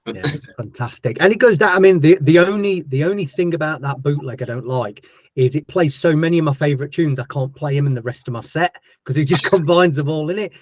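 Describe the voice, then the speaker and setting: A man's voice: a little high, fairly quick, darkish tone, no echo, dull audio. A man with a Yorkshire accent hosting a casual interview, chatty and enthusiastic with many restarts. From Yorkshire, England. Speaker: host.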